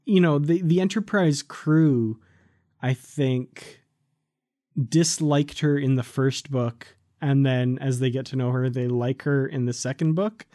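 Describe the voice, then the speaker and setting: A man's voice: mid-range voice, a little slow, dark tone. A man co-hosting a casual book discussion podcast, hesitant and hedging, laughing often. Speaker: podcast co-host.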